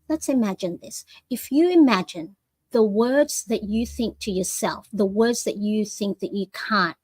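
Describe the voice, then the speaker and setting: A woman's voice: fairly high pitch, no room sound. Encouraging woman in her forties coaching. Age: 40s. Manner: encouraging, repeats affirmations, many "you know"s. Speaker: planner coach and channel host. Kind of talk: motivational live plan-with-me talk.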